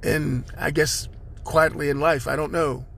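A man's voice: on the high side, fairly even intonation, a little slow, gravelly, fairly bright tone, breathy edge. A man hosting his own podcast, delivering a rambling spiritual monologue with preachy, chanted repetitions. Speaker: podcast host.

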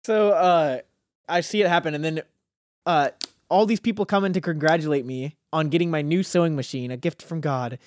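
A man's voice: on the high side, fairly quick, a little mellow, no room sound. Young man telling a rambling story. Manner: rambling, laughs often, restarts sentences. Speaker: guest. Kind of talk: casual storytelling chat.

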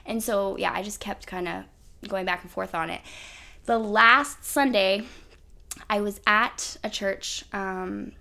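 Speaking slowly with vocal fry, a podcast host whose medium-pitched voice sounds pushed and bright relates a personal story. Her casual storytelling is chatty and full of "like" and "um."

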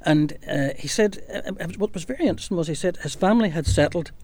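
A man's voice: high voice, animated, quick pace, a little mellow. A man from Northern Ireland leading a casual discussion, telling long stories with frequent fillers.

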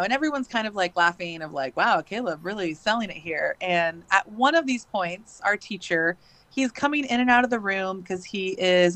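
A woman's voice: mid-range voice, fairly bright tone, dry recording. A woman in her thirties, a podcast guest, telling a long story in a chatty way full of fillers. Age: 30s. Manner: chatty, many fillers and likes. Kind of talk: casual storytelling.

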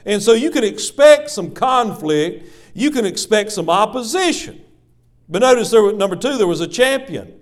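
Preaching to his church, this pastor addresses the congregation as "folks," repeating himself dramatically and shifting from loud emphasis to hushed asides. His voice sits high and is very animated, moving at a moderate pace.

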